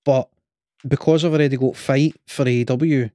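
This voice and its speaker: A man's voice: medium pitch, steady tone, normal speed, warm tone, no echo. Rambling Scottish man, dry close sound. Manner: rambling, hesitant, with many fillers and restarts. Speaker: podcast co-host. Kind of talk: casual chat.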